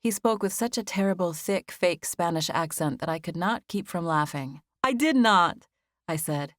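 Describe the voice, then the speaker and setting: Female audiobook narrator, gentle first-person storytelling, slightly low voice, dry studio mic. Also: normal speed, no room sound.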